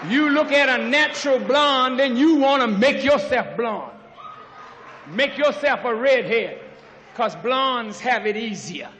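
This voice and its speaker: A man preaches to a student audience in a very high, bright voice, taking his time and leaning hard on each phrase before surging into shouts. The archival recording rings with the long reverb of a university auditorium. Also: expressive, a faint crowd, slight background noise. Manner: preaching, rising to shouts, drawn-out emphasis. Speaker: minister addressing students. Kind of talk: impassioned lecture speech.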